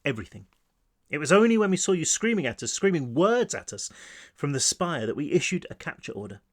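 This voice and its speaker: A man voicing a calm, kind middle-aged woman army doctor in a story reading, soothing and reassuring. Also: a little high, brisk.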